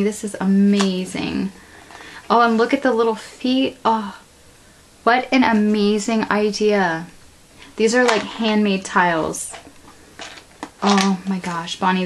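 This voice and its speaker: A woman's voice: medium pitch, fairly even intonation, slow pace, a little hiss or hum. A woman in her thirties unboxing a craft package at home, gushing with gasps and breathless exclamations. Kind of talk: excited unboxing chat. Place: home room.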